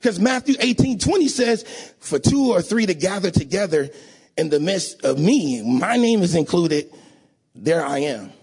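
A man preaching a sermon in a church, emotional and rising to sing-song shouts, often asking the congregation to agree. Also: high-pitched, animated, normal speed, creaky, slightly rough. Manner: call-and-response, asks audience to agree.

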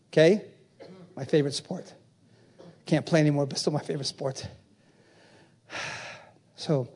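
A male pastor preaching a sermon at a church convention, shouting refrains and throwing call-and-response questions at the congregation. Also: fairly high pitch.

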